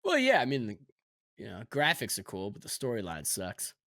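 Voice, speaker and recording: Lively bright-voiced man joking on a podcast. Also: medium pitch, moderate pace, gravelly, dry recording, studio quality. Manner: joking, stammering, deadpan jokes. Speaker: podcast co-host. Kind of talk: casual chat.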